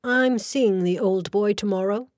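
A woman's voice: medium pitch, measured pace, a little mellow, no echo, studio quality, voice pushed up, natural voice. A woman voicing a brusque young male lawyer who speaks rudely and sardonically, in an audiobook. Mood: thoughtful. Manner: blunt, sardonic.

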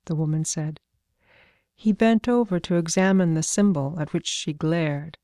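Audiobook narrator, woman, measured and calm, dry booth sound. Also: sits low, no room sound.

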